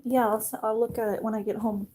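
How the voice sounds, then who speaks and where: A woman's voice: little pitch movement, quick pace, dark tone. A woman chatting casually while coaxing and calling her dogs outdoors, recorded on a phone. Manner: coaxing high pet-talk to dogs. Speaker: vlogger. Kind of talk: casual chat with her pets. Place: outdoors at home, yard and street.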